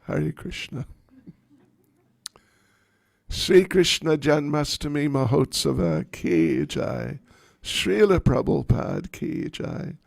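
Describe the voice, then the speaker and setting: A male spiritual teacher tells a story with wry humor. His voice is gravelly and husky, swinging lively in pitch at a slow pace, and it sounds close and dry. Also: dry recording. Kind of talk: storytelling class.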